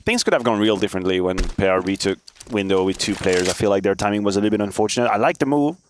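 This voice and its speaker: Male color analyst, measured and dry, game noise behind. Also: on the low side. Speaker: esports analyst. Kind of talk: color commentary and banter. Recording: noisy game audio behind. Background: game gunfire and clicks.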